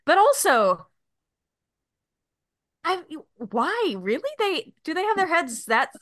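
A woman's voice: very high voice, big pitch swings, slow, a bit bright, dry recording, clean studio sound. A woman co-hosting a casual podcast, ranting and swearing freely and laughing often. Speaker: podcast co-host.

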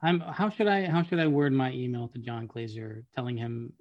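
A man's voice: medium pitch, steady tone, normal speed, highs cut off. A man co-hosting a casual podcast, making wry, sarcastic asides that often trail off into a mumble. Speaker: co-host.

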